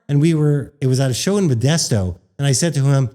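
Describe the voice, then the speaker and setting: A man from Canada chats on a podcast, telling a story in a warm, mellow voice. He is animated and acts out the quoted lines of dialogue in a higher voice. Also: quick pace. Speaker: podcast guest, former radio worker. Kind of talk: casual storytelling chat.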